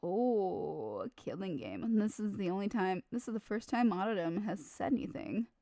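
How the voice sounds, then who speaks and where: A woman playing a video game and reading its dialogue aloud in a playful, animated way, joking and swearing at the characters. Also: mid-range voice, normal speed, no echo, studio quality. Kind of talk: casual let's play, reading dialogue aloud. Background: faint game music.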